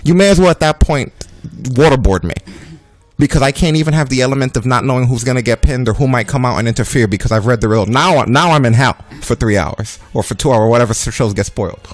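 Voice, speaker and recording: A young man co-hosting a game stream, telling a story in an animated, profane rant. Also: mid-range voice, quick pace, no echo, soft background music. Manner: ranting, swears freely, animated storytelling. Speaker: streamer and co-host. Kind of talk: casual chat during a game stream.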